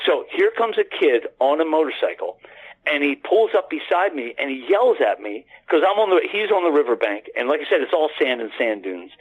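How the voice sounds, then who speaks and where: A man's voice: on the high side, very animated, a little fast, breathy edge, phone-quality sound. A man guest on a radio show, telling a long story in a rambling way with many restarts. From United States. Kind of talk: casual storytelling.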